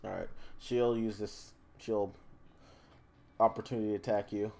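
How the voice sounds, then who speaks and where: A man narrating as game master of a tabletop game, animated and quick to laugh. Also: fairly low pitch, creaky.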